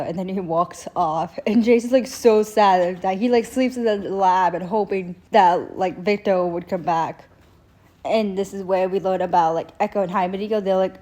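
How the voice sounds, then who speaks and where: Brief: young adult woman, casual recap chat, rambling, filler-heavy, mid-pitched, acts out character quotes. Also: mellow. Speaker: show reviewer.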